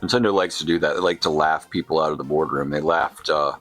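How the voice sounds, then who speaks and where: A man's voice: very deep voice, fast talker, fairly bright tone, faint music behind. A man hosting a retro gaming channel, rambling through casual gameplay commentary with sarcastic asides.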